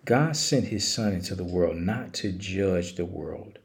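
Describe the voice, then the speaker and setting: A man's voice: low-pitched, animated, vocal fry. A man reading scripture aloud and explaining it in a Bible study discussion. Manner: reads scripture slowly, then explains.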